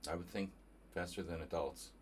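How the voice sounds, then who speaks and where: A New Jersey chess streamer talks through his own game live, musing aloud and chatting casually with the audience. His voice is deep, his speed normal, and there's slight background noise.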